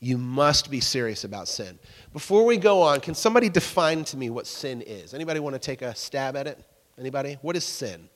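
A man's voice: mid-range voice, animated, fairly quick. Young male pastor in a reverberant hall. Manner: conversational storytelling, self-deprecating; asks the congregation questions. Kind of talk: sermon. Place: church hall. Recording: long reverb of a church hall.

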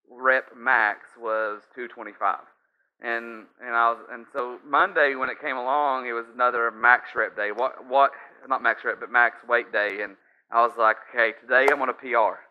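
A pastor preaches a sermon in a conversational, storytelling manner, often turning aside to address listeners. His mid-range voice is clear and resonant, with fairly even intonation and a moderate pace, on slightly dull lo-fi audio.

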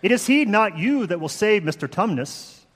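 A man voicing an excitable male beaver from a children's story with a put-on English accent. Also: sits high, moderate pace, long reverb tail, pitched above the performer's own voice, exaggerated voice. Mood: excited. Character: excitable talking male beaver, eager and proud.

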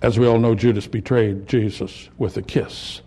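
A man preaching a sermon, building to impassioned peaks and dropping to quiet, reflective lines. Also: fairly low pitch, steady tone, normal speed, slightly rough. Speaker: pastor.

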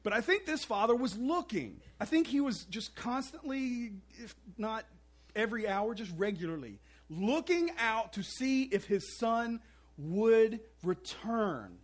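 A man's voice: very high-pitched, very animated, unhurried. A man preaching a sermon, telling a story with playful asides and acting out the characters' voices. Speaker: pastor.

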